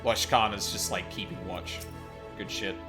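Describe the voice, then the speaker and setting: A man's voice: lowish voice, fairly even intonation, normal speed, loud music behind the voice. A man streaming a game, chatting casually with wry remarks and frequent swearing. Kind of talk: casual gaming commentary.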